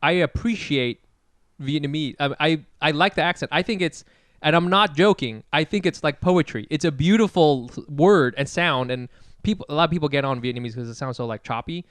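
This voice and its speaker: A man's voice: fairly high pitch, fairly quick, fairly bright tone, dry recording. A man co-hosting a podcast, chatting casually with frequent agreement and restarts as he reflects. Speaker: podcast co-host.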